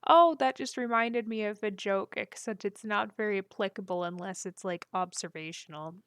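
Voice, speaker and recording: While streaming a game, a woman speaks to her chat in a medium-pitched, clear, resonant voice with a fairly bright tone, at normal speed and with no room sound. Her casual talk is chatty and full of jokes, punctuated by frequent giggling.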